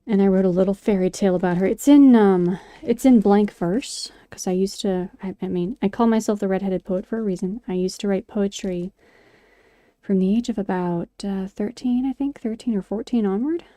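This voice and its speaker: A woman's voice: medium pitch, moderate pace, mellow, no echo. A woman vlogger chatting casually and rambling, with many fillers and restarts. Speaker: craft and poetry vlogger. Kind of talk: casual chat while sculpting.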